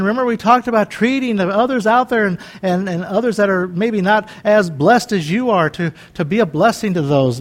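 Folksy high-voiced preacher in his fifties. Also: brisk, few pauses. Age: 50s. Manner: chatty, joking, rambling asides. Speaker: pastor. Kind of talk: folksy conversational sermon.

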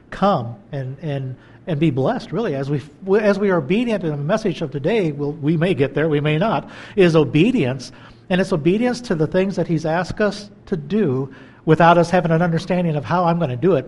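A man's voice: on the high side, darkish tone. An older man hosting a faith interview who reflects on scripture in a preachy, musing way. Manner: reflective, preachy, backchannels with "hmm" and "amen". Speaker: interview host.

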